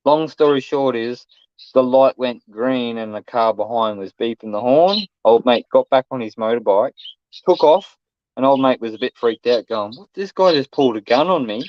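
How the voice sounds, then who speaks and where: A man's voice: medium pitch, dry recording. A middle-aged Australian man telling a story in casual chat, blunt and swearing, acting out what people said. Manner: blunt, swearing, acts out quotes loudly. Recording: dull, dry lo-fi sound.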